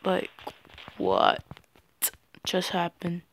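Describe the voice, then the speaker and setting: A high-pitched teenage boy hosting his own gaming video, talking slowly and loosely between bursts of excited yelling. His voice cracks whenever he shouts at the game. When he signs off, he trails into plenty of ums. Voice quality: voice cracks on loud yells. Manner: excitable, yelps and shouts at the game, hesitant fillers in the outro. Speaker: gaming channel host. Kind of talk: gameplay commentary.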